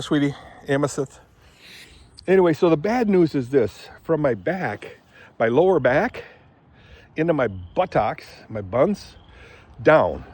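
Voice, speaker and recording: Here the older Michigan vlogger sounds husky in his mid-range voice, wandering through a filler-packed, casual chat with his animals around the house and horse stalls, recorded on a handheld phone.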